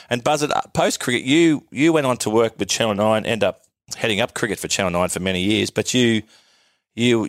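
A man hosting a casual chat, prompting his guests with questions in a relaxed way. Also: lowish voice, no room sound, studio quality. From Australia.

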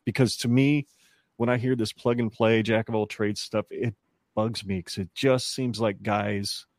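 A man's voice: fairly low pitch, fairly even intonation, measured pace, no room sound, studio quality. A man co-hosting a sports podcast, asking questions in a laid-back, casual way. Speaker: podcast co-host.

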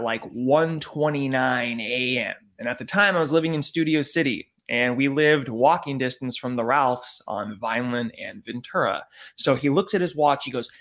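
Animated, profane man telling a story. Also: medium pitch. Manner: animated, profane, acts out quotes. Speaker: podcast guest. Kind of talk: casual storytelling.

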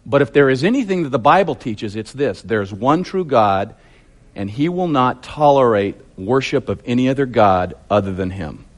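A man's voice: mid-range voice, expressive, a little fast, few pauses. A man preaching a sermon, telling the story vividly and emphatically with lots of repetition.

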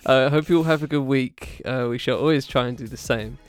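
A man's voice: mid-range voice, fast talker. Laid-back podcast host man, joking. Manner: joking, laughs often, loose and teasing. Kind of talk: casual podcast banter.

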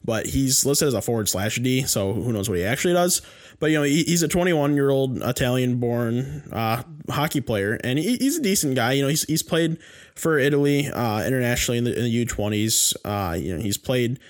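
A man co-hosting a sports podcast in casual chat, rambling and heated, with many restarts and fillers. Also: medium pitch. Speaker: podcast co-host.

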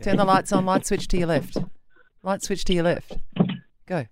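A woman's voice: medium pitch, steady tone, normal speed. A woman hosting a radio breakfast show, teasing and exasperated, and she laughs often. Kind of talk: lively radio banter.

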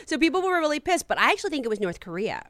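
A woman's voice: high-pitched, big pitch swings, very fast, a bit bright. A woman comedian being interviewed, talking in a rambling, hesitant way with laughs between thoughts. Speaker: comedian guest. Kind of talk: casual interview chat.

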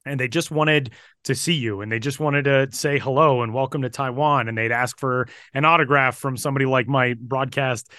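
A man, a baseball broadcaster, telling stories on a podcast in a casual, energetic way with some fillers. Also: mid-range voice, moderate pace, no echo, clean studio sound. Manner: energetic, animated retelling with fillers.

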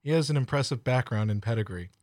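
A man co-hosting a casual podcast, throwing in wry, deadpan jokes. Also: mid-range voice, quick pace, no room sound, clean studio sound. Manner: wry, joking deadpan asides. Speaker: podcast co-host.

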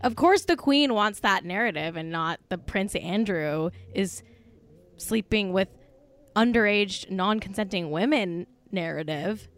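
A woman's voice: mid-range voice, lively intonation, unhurried. A woman co-hosting a casual podcast chat, gossipy and blunt, peppering her talk with "like.". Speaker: podcast co-host.

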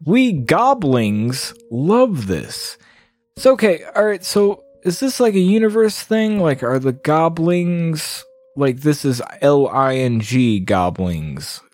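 A man commenting casually on a game, rambling and swearing as he reacts. He speaks slowly, and his pitch moves a lot. He sounds unfiltered and disgusted. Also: big pitch swings, a little mellow. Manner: rambling, profane, disgusted asides. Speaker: let's play gamer.

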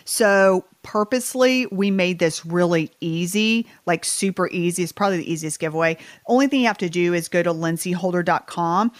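A woman's voice: lowish voice, a little fast, hardly any pauses, no echo. A woman with a Southern US accent, co-hosting a podcast in casual, chatty talk. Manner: chatty, animated, a little bitter. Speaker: podcast co-host. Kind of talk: casual chat.

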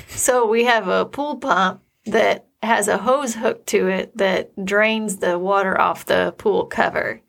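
A woman co-hosts a relaxed chat show and tells stories at a leisurely pace. Her voice has a gravelly fry running through it, and she sounds amused by what she is telling. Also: mid-range voice. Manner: unhurried storytelling, amused. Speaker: podcast co-host, parent. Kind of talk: casual chat.

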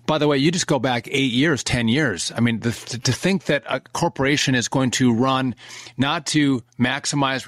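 A man's voice: mid-range voice, fairly bright tone, no room sound, studio quality. A man hosting an interview, rambling through his questions with many restarts. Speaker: interview host.

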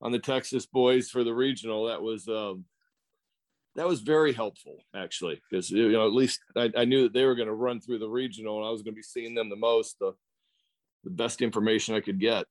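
A man in his fifties co-hosting a podcast, chatting casually in a relaxed, halting way. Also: fairly low pitch. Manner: relaxed, halting, restarts phrases. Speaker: podcast co-host, former pitcher. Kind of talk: casual chat.

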